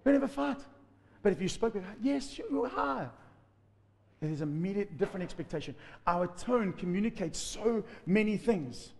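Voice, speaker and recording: A man preaching a sermon as pastor, lively, acting out quotes. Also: sits high, brisk, long reverb tail. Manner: animated preaching with acted-out quotes.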